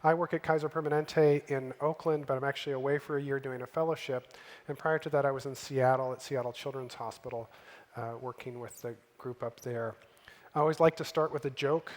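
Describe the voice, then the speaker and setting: A man's voice: medium pitch, steady tone, brisk. A male physician giving a friendly conference presentation, with a light joke and frequent fillers. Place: large conference hall. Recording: reverberant hall sound.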